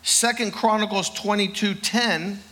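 A man's voice: high voice, steady tone, measured pace, bright, forceful tone. A man preaching a sermon and leading a prayer, emphatic and drawn out, often repeating words. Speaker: pastor.

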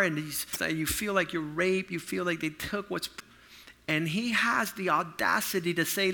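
A middle-aged man preaches by telling stories, his fairly high voice very bright and forceful. He swings between sudden loud outbursts and quiet, hushed asides as he acts out the people in his tales. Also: moderate pace. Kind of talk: sermon storytelling.

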